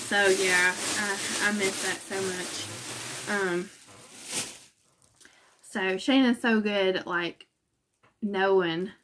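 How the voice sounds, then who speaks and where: A woman's voice: mid-range voice, background noise. A woman from West Virginia hosting a cross-stitch channel in casual chat from home, talking in a chatty, self-conscious way with fillers and laughs.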